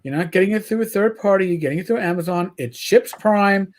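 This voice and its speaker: A man's voice: sits high, brisk. A man with a New York accent hosting a casual livestream chat, rambling and repeating words as he talks. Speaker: podcast host.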